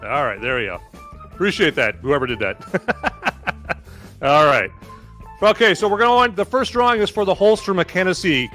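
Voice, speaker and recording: Man, lively and jokey podcast host, higher-pitched voice, faint music behind. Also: measured pace, pauses often. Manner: jokey, animated, rambling. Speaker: podcast host running a comedy reading. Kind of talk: casual podcast chat and scripted read-out.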